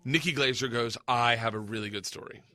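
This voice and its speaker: A man in his forties hosting a casual comedy podcast, an animated storyteller who shouts and laughs at punchlines. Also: mid-range voice, fairly quick. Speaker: podcast host.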